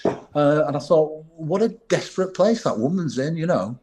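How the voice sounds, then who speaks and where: A man's voice: on the high side, moderate pace, slight background noise. Man telling bodyguard stories. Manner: candid, animated anecdotes with laughter. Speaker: former bodyguard, guest. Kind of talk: storytelling in a podcast interview.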